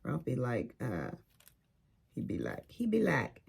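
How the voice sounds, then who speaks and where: An older woman from California chatting slowly over a craft project. Her voice is deep, gravelly and a little husky, and it rises and falls freely as she tells family stories. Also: huge pitch swings, a little mellow. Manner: chatty storyteller, informal grammar. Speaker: crafting vlogger. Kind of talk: casual chat while crafting.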